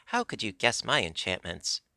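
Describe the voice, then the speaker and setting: A man's voice: on the low side, huge pitch swings, moderate pace, gravelly, sharp tone, dry recording, clean studio sound, heavily acted. A man voicing a small, nervous, blustering underground king who is easily startled, in a storybook reading. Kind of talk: audiobook character voice.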